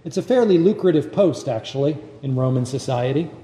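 A man preaching a sermon as a pastor, measured and dramatic with long pauses. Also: mid-range voice, animated, warm tone. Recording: echoey hall with long reverb.

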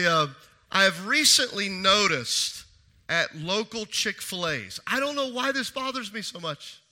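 High, bright-voiced man preaching. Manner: swings from hushed, slow emphasis to raised, urgent reading. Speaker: pastor. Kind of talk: sermon.

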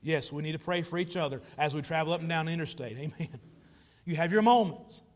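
A man's voice: fairly high pitch, fast. A man preaching a sermon as pastor, emphatic, pressing his listeners with rhetorical questions and repeated phrases.

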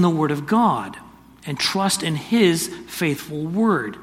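An older man giving a sermon, telling a personal story in an earnest, halting way with restarts. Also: a little high, very animated. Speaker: pastor. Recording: distant reverberant hall, faint ambience.

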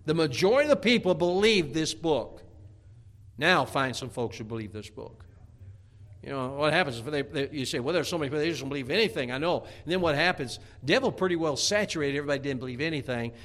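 A man preaching a sermon, telling a Bible story in a lively, dramatic way. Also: fairly high pitch, a little fast. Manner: animated storytelling preaching, acting out scripture characters.

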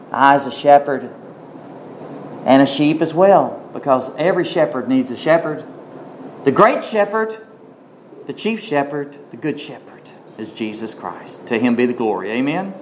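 A male pastor preaching a sermon, telling a story in a hushed voice and then building to emphatic questions and prayer. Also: medium pitch, animated, moderate pace, slight background noise. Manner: emphatic, swings from hushed storytelling to rising exhortation.

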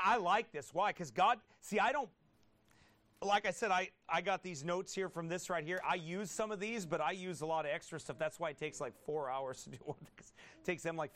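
A man with a somewhat high-pitched voice delivers a pastor's sermon, peppering it with rhetorical questions. He reads scripture slowly and deliberately and swells into forceful, emphatic bursts.

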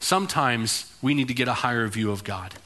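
A male pastor delivering a sermon in an animated, emphatic, conversational way. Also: mid-range voice, a little fast.

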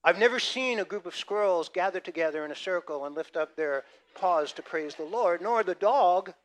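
Male pastor, fairly high voice, animated sermon delivery, loud peaks and soft asides. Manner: lively, swings between loud emphasis and quiet asides.

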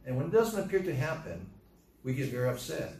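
A man's voice: a little high, very animated, brisk, darkish tone. Man preaching from a distance. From United States. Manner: preaching with emphatic, rising scripture readings. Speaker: pastor. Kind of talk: sermon. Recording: roomy echo, voice far from the mic.

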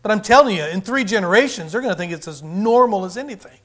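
Man preaching, high voice, fervent, rising and falling volume, sermon delivery. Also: animated, fast talker, a bit bright. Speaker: pastor.

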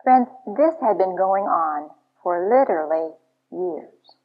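A woman's voice: on the low side, animated, takes it slowly. A woman speaking to an audience about marriage in an earnest, confessional storytelling manner. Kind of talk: teaching talk to an audience. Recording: dull lo-fi recording.

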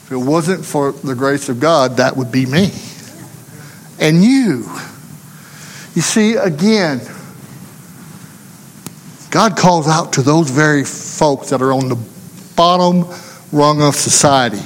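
A man's voice: on the high side, slow, pauses often, in a large hall, a little hiss or hum. A man preaching a sermon, telling a folksy story and acting out the voices of the people in it. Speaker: pastor.

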